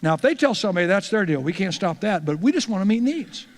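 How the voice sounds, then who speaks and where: High-voiced pastor in an echoing hall. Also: male voice, big pitch swings, fast talker. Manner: conversational storytelling, repeats words when starting phrases. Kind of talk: teaching talk to church leaders.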